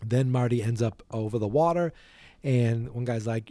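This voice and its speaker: A man hosting a podcast who recounts a film from memory in a rambling, playful way, often stopping to correct himself. His voice is mellow and darkish, at a middle pitch for a man. The recording is dry and close to the mic. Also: moderate pace, no echo. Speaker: podcast host. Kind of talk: casual retelling from memory.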